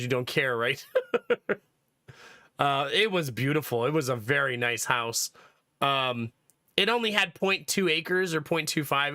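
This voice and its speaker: Chatty, bright-voiced male streamer with a cold. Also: on the high side, dry recording, clean studio sound. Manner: chatty storytelling, laughs often, acts out quotes. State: has a cold. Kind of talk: casual chat with stream chat.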